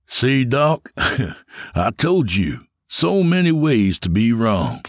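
A man's voice: mid-range voice, big pitch swings, takes it slowly, dry recording, clean studio sound, voice pushed up. A man voicing a smug, menacing male security chief who mocks and orders people around. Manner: taunting, mocking, commanding. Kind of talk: audio drama narration.

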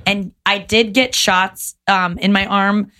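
A woman in her thirties, a podcast guest, telling stories in animated casual chat and swearing often. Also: medium pitch, slow. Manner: animated storytelling with frequent swearing.

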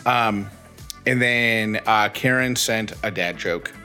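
A man's voice: on the low side, takes it slowly, bright, forceful tone, soft background music. A man co-hosting a podcast, chatting casually and reading listener texts with rambling self-corrections. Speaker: podcast co-host.

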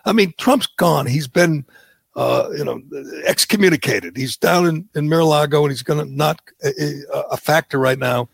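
A man's voice: on the high side, normal speed, gravelly, slightly rough, dry recording. A man hosting a podcast in casual political chat, rambling and sarcastic with many restarts. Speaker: podcast host.

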